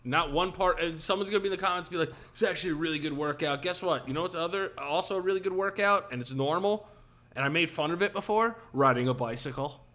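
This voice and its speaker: A young man with a very bright, fairly high voice, co-hosting a loose comedy podcast. He talks in casual banter, swears freely and keeps slipping into mocking voices. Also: fast. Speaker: podcast co-host.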